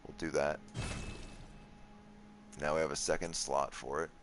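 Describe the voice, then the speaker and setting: Deep-voiced man doing laid-back game commentary. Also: a little slow, noisy background. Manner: relaxed, thinks aloud, swears at enemies. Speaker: gameplay commentator. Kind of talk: casual let's play commentary.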